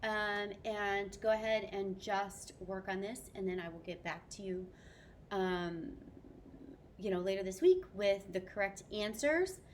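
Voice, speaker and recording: An upbeat woman teacher walks students through a French grammar lesson, sprinkling French words into her English. Her voice sits at an ordinary middle pitch. A faint hiss of background noise runs under the recording. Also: measured pace.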